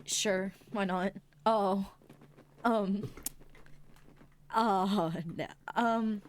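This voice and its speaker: A woman's voice: mid-range voice, steady tone, very slow. A woman playing a tabletop role-playing game, hesitant and full of ums while describing her character. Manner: hesitant, many "um" and restarts. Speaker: player.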